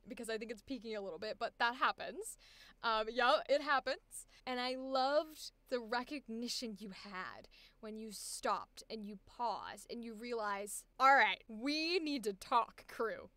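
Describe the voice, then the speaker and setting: A woman coaching an actor in a live session, her voice fairly high and bright. She sounds enthusiastic and encouraging. The sound is close and dry. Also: dry recording. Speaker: voice acting coach.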